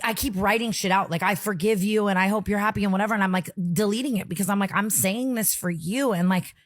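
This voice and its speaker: A woman's voice: mid-range voice, fast, no echo. Tearful young woman, close to crying. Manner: tearful, filler-heavy storytelling. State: close to tears. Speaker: podcast host. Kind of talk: emotional casual chat.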